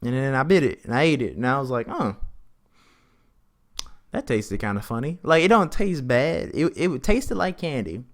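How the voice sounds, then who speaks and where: A man's voice: mid-range voice, animated, moderate pace. A young man hosting a podcast, telling a rambling, chatty story and acting out both sides of the conversations in a raised voice. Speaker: podcast host. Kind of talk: casual storytelling.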